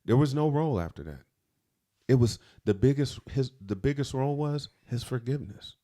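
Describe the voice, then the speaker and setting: A man's voice: mid-range voice, animated, brisk, dark tone. A man co-hosting a podcast, telling an emotional, confessional story from his past in casual talk. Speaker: podcast co-host.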